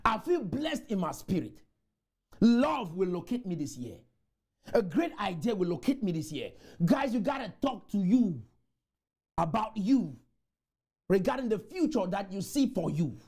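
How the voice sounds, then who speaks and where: A man delivers a rousing motivational talk to a conference crowd. His mellow, dark voice leaps up and down in pitch as he repeats rallying lines and breaks into shouts. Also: very animated, a little slow, slightly rough. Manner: exhorting, repetitive chants, bursts into shouts. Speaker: motivational speaker. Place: conference room.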